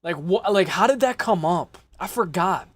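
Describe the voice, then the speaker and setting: Rambling high-voiced man, voice gone hoarse. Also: lively intonation, moderate pace, no echo. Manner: rambling, repeats himself, curses freely. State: lost his voice. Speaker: livestream host. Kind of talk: casual livestream fight picks and chat.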